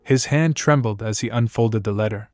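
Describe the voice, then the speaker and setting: A man's voice: fairly low pitch, moderate pace, a little mellow, no echo, faint music behind. A man reading scripted narration for a comic story recap.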